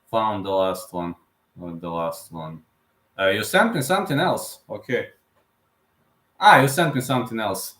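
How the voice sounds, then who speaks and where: A man's voice: medium pitch, a bit bright, roomy sound. A man hosting a live stream question-and-answer, speaking hesitantly with many fillers and non-native phrasing. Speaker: host.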